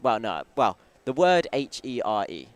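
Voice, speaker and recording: British man, smooth clear voice. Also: mid-range voice, big pitch swings, unhurried. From United Kingdom. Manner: chatty, self-interrupting, jokey. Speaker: stream commentator. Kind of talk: casual chat.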